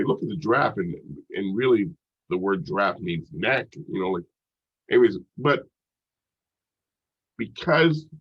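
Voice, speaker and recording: A man's voice: on the low side, breathy edge. A congested man giving a recorded psychology lecture in a casual, rambling way, full of "like" and "you know.". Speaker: psychology instructor. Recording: dull lo-fi recording.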